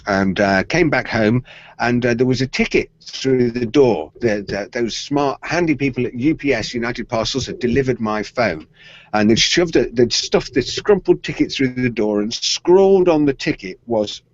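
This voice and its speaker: A man's voice: mid-range voice, normal speed, no room sound. A middle-aged man co-hosting a tech podcast, telling a story playfully and acting out the voices of the people in it. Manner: playful storyteller who acts out quoted voices. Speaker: podcast co-host. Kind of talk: casual tech chat, storytelling. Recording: dry, slightly muffled podcast audio.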